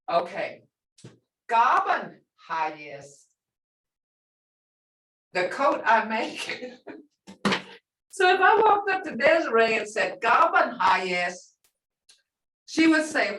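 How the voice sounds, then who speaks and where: Lively woman teacher, far off in a room. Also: on the high side, takes it slowly, pauses often. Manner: animated, laughs often, acts out reactions. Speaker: language teacher. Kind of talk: classroom teaching. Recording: roomy classroom sound from far off.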